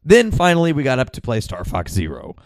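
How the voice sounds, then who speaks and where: A man's voice: medium pitch, wildly swooping pitch, fairly quick, no room sound, studio quality. A man hosting a podcast in casual chat, rambling with many fillers, restarts and the odd swear word. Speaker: podcast host.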